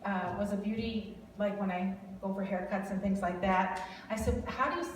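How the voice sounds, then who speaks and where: A woman's voice: mid-range voice, level tone, moderate pace, a little mellow, slight background noise. A woman from Wisconsin, a guest speaker prophesying over a family in an informal, chatty way, laughing often and drifting into rambling asides. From Wisconsin, USA. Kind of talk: informal prophetic ministry talk. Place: large hall. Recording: echoey hall recording from far off.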